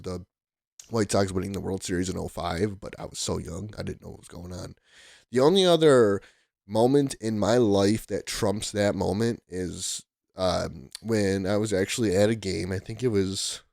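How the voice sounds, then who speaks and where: A young man in his twenties with a low, gravelly voice recounts a memory to camera. He rambles and restarts, dropping "like" everywhere, and the recording is close and dry with no room sound. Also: no room sound. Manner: rambling, excitable, heavy use of "like" and restarts. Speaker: vlogger. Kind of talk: casual storytelling to camera.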